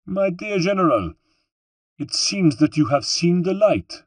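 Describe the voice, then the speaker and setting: A man's voice: sits high, sing-song, measured pace, no room sound, voice pushed up, heavily acted. A man voicing a haughty French nobleman general who speaks with pompous disdain. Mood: condescending.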